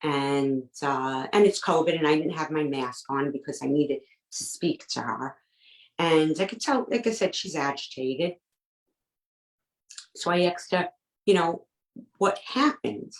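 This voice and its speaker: A woman guest telling a personal story, retelling conversations in an emotional, halting way. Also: deep voice, reverberant, low-quality recording.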